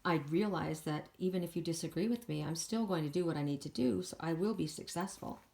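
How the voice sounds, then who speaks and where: A self-assured warrior woman who rides a dragon, as a woman speaks for her in an oracle card reading. She scoffs at threats and stays defiant in a lowish voice. She sounds entirely unbothered. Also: brisk, vocal fry, a little mellow.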